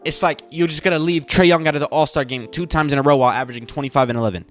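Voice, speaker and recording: A man rants in a casual podcast style, his voice sitting a little high. He talks with indignant emphasis and keeps firing rhetorical questions. Faint music plays underneath. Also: rapid-fire. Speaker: podcast host. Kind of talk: casual sports rant.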